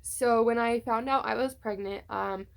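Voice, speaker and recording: Chatty young woman with a gravelly edge. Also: on the high side, steady tone, normal speed. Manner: chatty storytelling with many fillers. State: tearful at times. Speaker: vlogger. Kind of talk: casual personal vlog. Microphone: phone on a tripod.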